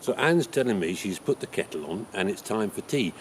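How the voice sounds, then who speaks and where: An actor with an English accent playing the playwright Shakespeare, chattily teaching how to write a sonnet. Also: male voice, fairly low pitch, expressive, brisk, a little hiss or hum. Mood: friendly teaching. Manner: chatty, explains things with homely examples. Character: William Shakespeare, chatty old male playwright. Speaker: writing teacher. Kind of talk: in-character writing lesson.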